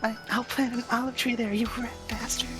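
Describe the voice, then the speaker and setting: A woman's voice: fairly high pitch, level tone, a little fast, lightly acted. A woman voicing a bitter, sleepless female fiend who swears venomously and breaks into sobs, reading a visual novel aloud. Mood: anguished. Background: game music.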